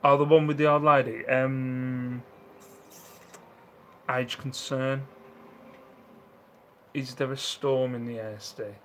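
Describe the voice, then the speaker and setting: A man's voice: mid-range voice, level tone, takes it slowly, pauses often, a bit bright, slight background noise, poor audio. A man chatting casually on a live stream at home, reading out viewer comments, laughing often and acting out the voices of people in his stories. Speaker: live-stream host reselling second-hand goods.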